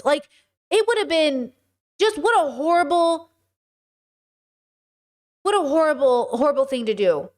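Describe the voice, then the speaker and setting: A woman's voice: high-pitched, expressive, measured pace, pauses often. A woman streamer reacting to news clips, talking indignantly and animatedly and mimicking other people. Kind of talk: casual reaction commentary.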